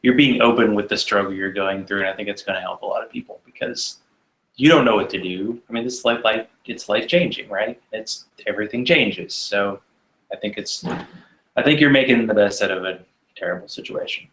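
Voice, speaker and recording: A man hosting a talk show, speaking gently and supportively with many fillers. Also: on the low side, brisk, echoey room, rough recording. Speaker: podcast host. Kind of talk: casual chat.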